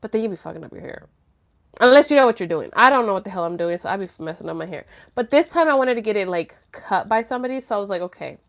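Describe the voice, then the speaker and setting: A woman's voice: medium pitch, lively intonation, fast talker. A young woman hosting a live stream, chatting casually and candidly with viewers in slangy speech full of fillers and the odd curse. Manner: laughs nervously when flustered. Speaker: livestream host answering viewer chat. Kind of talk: casual chat.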